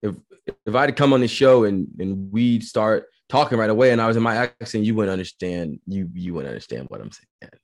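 Laid-back Southern man, low voice. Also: expressive, fairly quick. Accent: American Southern, Georgia. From Georgia, US. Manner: laid-back, laughs often, restarts sentences. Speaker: guest, actor. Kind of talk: casual interview chat.

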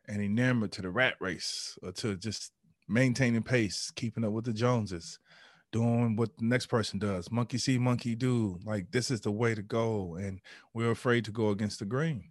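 A man in his thirties tells a deeply personal story as a podcast guest. He slips into animated, higher re-enactments of his own past voice, then settles back into a reflective tone. The recording is dry and close. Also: dry recording.

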